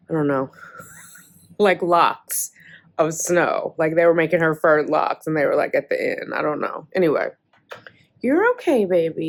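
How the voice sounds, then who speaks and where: Chatty woman with a gravelly low voice. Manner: chatty, animated storytelling. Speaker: vlogger. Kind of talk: casual vlog chat.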